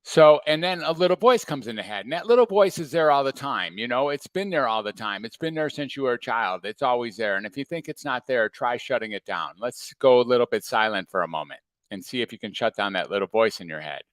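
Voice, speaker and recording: Calm man, dry close sound. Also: mid-range voice, fairly quick, few pauses, no echo. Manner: calm, reflective, asks many rhetorical questions. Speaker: coach. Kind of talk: motivational talk to viewers. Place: home or office, livestream.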